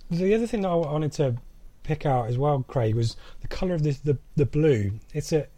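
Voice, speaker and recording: A man's voice: a little high, animated, moderate pace, warm tone, dry recording. A man hosting a casual football podcast, chatty with many fillers and restarts. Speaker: podcast host.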